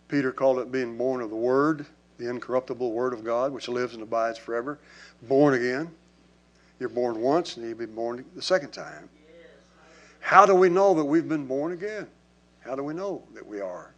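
Speaking at a medium pitch and normal speed with frequent pauses, a man preaches to his church congregation. His delivery is emphatic yet conversational, and he calls out to those before him.

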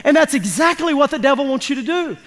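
Very high-voiced man preaching in a hall. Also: lively intonation, fast talker, fairly bright tone. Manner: emphatic, folksy, calls for congregation responses. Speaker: pastor. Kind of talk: sermon. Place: church sanctuary. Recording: long reverb of a large church hall.

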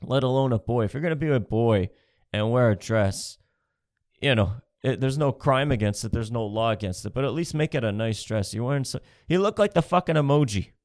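A man from Canada tears into his subject in a crude, sarcastic comedic rant. His voice sits at an ordinary middle pitch, and the sound is dry and close with no room echo. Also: expressive, a little fast, a little mellow. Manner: profane, sarcastic, mocking.

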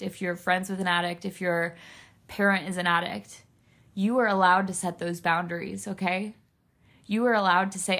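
A woman's voice: on the low side, fairly bright tone. A young woman hosting a solo podcast, speaking earnestly and emotionally straight to her listeners, near tears. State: tearful. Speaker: podcast host.

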